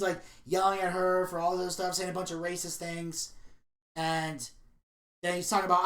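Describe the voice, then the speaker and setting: Opinionated man telling stories in an echoey room. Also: high voice. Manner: opinionated, animated storytelling. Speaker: podcast co-host. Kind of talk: casual podcast review chat.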